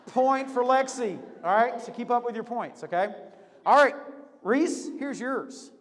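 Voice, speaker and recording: A man hosting a lively game for a group, upbeat and teasing, laughing often. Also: extremely high pitch, a little slow, big-room sound. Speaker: youth leader hosting a game.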